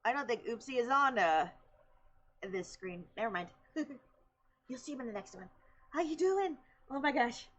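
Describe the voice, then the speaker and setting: A woman's voice: fairly high pitch, lively intonation, moderate pace, pauses often, muffled recording. A young woman streamer in casual chat, chatty and laughing often as she tells stories.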